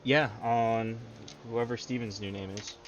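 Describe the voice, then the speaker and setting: A man running a tabletop role-playing game as game master, easygoing and quick with asides, laughing often. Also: medium pitch, fairly even intonation, music in the background. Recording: dull lo-fi stream audio with faint noise.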